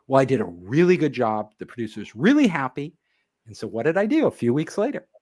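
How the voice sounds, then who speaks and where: A man's voice: medium pitch, fairly quick. A man, a guest on an interview show, telling a story in casual conversation and acting out the people in it. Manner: animated, acts out quoted dialogue.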